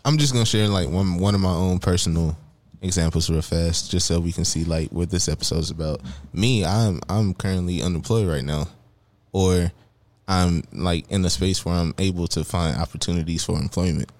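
Casting: young male podcast co-host, very low voice, dry close sound, earnest and blunt. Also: moderate pace, darkish tone, no room sound. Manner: earnest, frank, advice-giving. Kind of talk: casual podcast chat.

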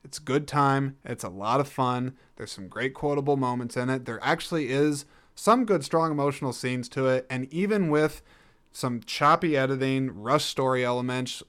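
Homem de voz lisa comentando um filme. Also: male voice, medium pitch, normal speed, a bit bright. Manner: rambling, jokey, self-correcting. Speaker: podcast host reviewing a film. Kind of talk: casual solo film review.

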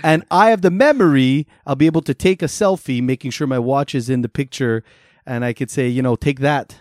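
A man's voice: mid-range voice, brisk, darkish tone, no room sound, clean studio sound. A man co-hosting a casual chat, spinning a playful story and laughing often. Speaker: podcast co-host.

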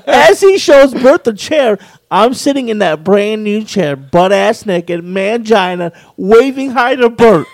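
A man's voice: high-pitched, expressive, measured pace, hardly any pauses, dry recording. A man co-hosting a podcast, telling a crude story in casual chat and laughing as he goes. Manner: laughs while telling, acts out others' lines. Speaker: podcast co-host.

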